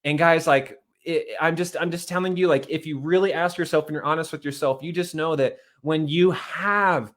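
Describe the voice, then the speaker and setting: A man in his thirties giving a fast, repetitive motivational talk on money and marriage, often calling his listeners "guys.". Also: a little high, steady tone. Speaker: host.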